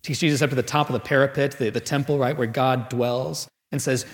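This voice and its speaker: A man preaching a sermon, telling a story with dramatic pauses and moving between loud and hushed delivery. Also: medium pitch, fairly even intonation, roomy sound.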